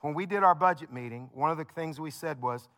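A man's voice: on the high side, fairly quick, a bit bright. A male pastor preaching a sermon in a conversational, story-telling way, building points with repeated phrases.

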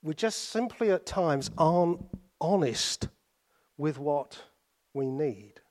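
A British man preaching a sermon, telling stories with pauses and sudden drops to soft asides. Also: on the high side, expressive. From Britain.

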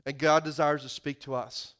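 A man's voice: fairly high pitch, flat delivery, moderate pace, fairly bright tone, clear, resonant tone. A male pastor preaching a sermon in a folksy, conversational manner.

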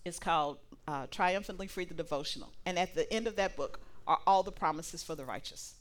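A woman preaching a sermon to a live congregation, animated and playful, acting out little dialogues. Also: lowish voice, brisk. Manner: animated, laughing asides, acts out dialogue.

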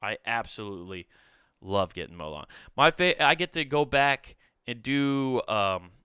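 A man's voice: medium pitch, lively intonation, unhurried, sharp tone, clear, resonant tone, no room sound, clean studio sound. A man hosting a podcast, rambling enthusiastically in casual chat with lots of swearing. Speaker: podcast host.

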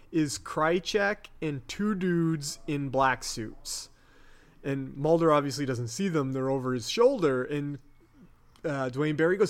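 Young guy going through the plot slowly, lots of ums, kinda high voice. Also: smooth. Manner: rambling, unsure, with many fillers. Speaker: podcast co-host. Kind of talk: casual episode recap.

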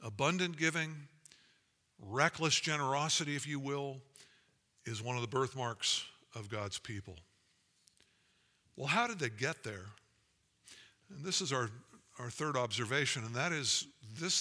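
A man's voice: medium pitch, animated, a little slow, long pauses, sharp tone. A man preaching a sermon as pastor, earnest and building to emphatic, rising passages. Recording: long hall reverb.

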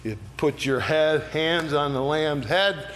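In a fairly high voice and at a slow pace, a man runs an adult Bible study unscripted, explaining verses conversationally and often asking "all right?". He illustrates them by performing lively quoted voices, with slight background noise present.

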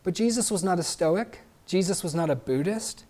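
A man's voice: high-pitched, expressive, moderate pace, darkish tone. A man preaching a sermon in an earnest, conversational way, often checking in with a questioning "right?" and making small restarts.

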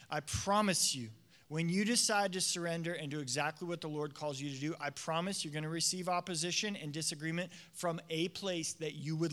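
A male pastor preaching a sermon in an animated, conversational way, acting out the voices he quotes. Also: a little high. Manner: animated, acts out quoted voices, many fillers.

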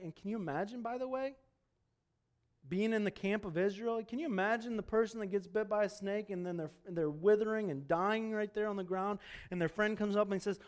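A man preaching a sermon, talking to the congregation in a conversational way and swinging between emphatic loud peaks and hushed low asides. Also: clean tone. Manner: conversational, asks the congregation questions. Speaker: pastor.

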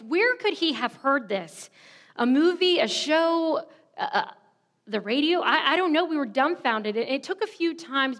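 A woman's voice: sits high, fairly bright tone. A woman in her thirties preaching a sermon, telling a candid personal story in a self-deprecating way. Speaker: pastor.

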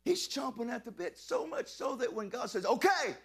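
A middle-aged man preaching a lively sermon, calling on the congregation to respond and shouting praises. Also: very high-pitched, moderate pace, husky. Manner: exuberant, call-and-response preaching. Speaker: pastor.

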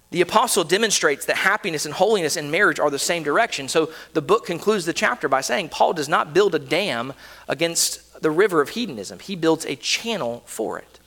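Earnest preacher in a reverberant hall. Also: male voice, pushed and bright. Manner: earnest preaching, swells and drops in pitch and volume. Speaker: pastor. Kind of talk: sermon. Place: church sanctuary. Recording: long reverb of a church hall.

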